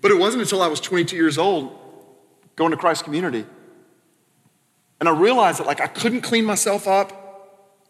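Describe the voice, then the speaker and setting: Pastor guy from arkansas preaching, kinda high bright voice, chatty asides then goes real quiet, big church reverb. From Arkansas, American South. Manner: conversational preaching with quick asides and sudden quiet drops. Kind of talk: sermon. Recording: long reverb of a church hall.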